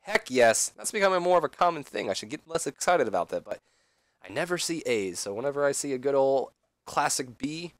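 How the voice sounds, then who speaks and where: A man's voice: medium pitch, very animated, brisk, dry recording. A man doing casual game commentary, rambling with fillers and side remarks. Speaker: let's play commentator.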